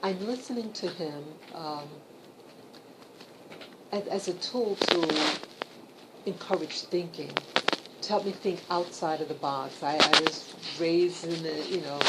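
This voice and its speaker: Slow, halting woman in a hissy home recording. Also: low voice. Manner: slow, halting, many fillers and restarts. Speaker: vlogger. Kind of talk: casual talk to camera. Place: at home in bed with her dogs. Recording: loud background hiss.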